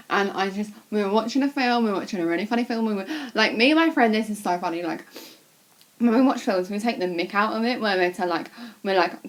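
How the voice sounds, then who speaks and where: Young woman, chatty vlogger, blunt and excitable, swears freely. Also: mid-range voice. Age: young adult. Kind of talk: casual chat to camera.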